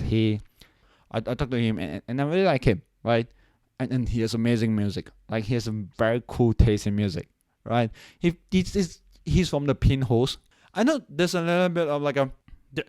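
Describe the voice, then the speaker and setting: A man's voice: medium pitch, a little mellow, no room sound, clean studio sound. Rambling young male podcast host. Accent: non-standard, hard to place; he says it doesn't sound Singaporean. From Singapore. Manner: rambling, many restarts and "right?" tags. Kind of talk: casual solo podcast intro.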